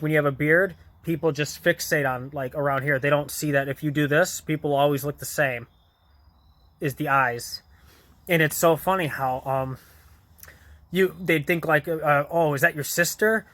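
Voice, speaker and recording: A man's voice: fairly high pitch, bright, forceful tone, no room sound. A man vlogger casually retelling a TV episode in a rambling way, full of fillers, restarts and small chuckles. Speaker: vlogger reviewing a TV show.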